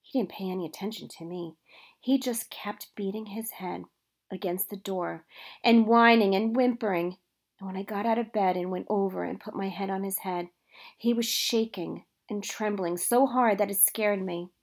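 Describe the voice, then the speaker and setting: A woman's voice: mid-range voice, normal speed. Woman teacher reading a storybook aloud. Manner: expressive storytelling. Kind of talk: reading a children's novel aloud.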